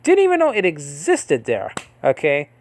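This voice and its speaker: A man's voice: fairly high pitch, huge pitch swings, normal speed, a little mellow, no room sound. A man giving an informal Bible-study lecture, rambling with many fillers and frequent checks of "okay?" with his listeners. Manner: rambling, filler-heavy, keeps asking "okay?". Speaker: Bible teacher.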